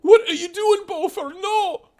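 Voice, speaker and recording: A man's voice: animated, measured pace. A man voicing a distraught older dwarf mother who stammers and sobs as she pleads. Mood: frantic. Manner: sobbing, stammering, high-pitched pleading.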